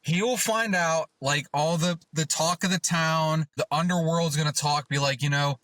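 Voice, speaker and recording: A man co-hosting a casual podcast, talking in an excitable, rambling way with many restarts. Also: on the high side, normal speed, hardly any pauses, no room sound. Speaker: podcast co-host.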